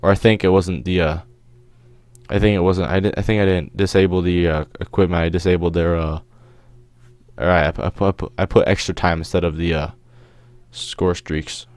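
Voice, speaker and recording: A man's voice: low-pitched, fairly even intonation, a little fast, a little mellow, dry recording. A teenage boy telling a rambling story in a casual vlog, full of fillers, restarts and slang. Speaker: storytime vlogger. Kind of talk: casual storytelling over gameplay.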